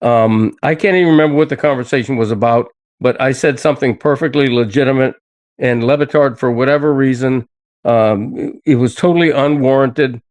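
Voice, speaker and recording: A man's voice: mid-range voice, a little fast, a little mellow, no room sound. An older man hosting a podcast in casual chat, talking in an indignant way that he soon laughs off. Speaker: podcast host.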